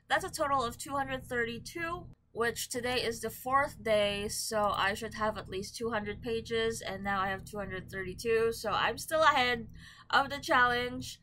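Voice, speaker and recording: Bright, bubbly young woman vlogging. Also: a little high, a little hiss or hum. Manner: chatty and bubbly, frequent ums and likes. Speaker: book vlogger. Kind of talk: casual vlog chat. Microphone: camera mic.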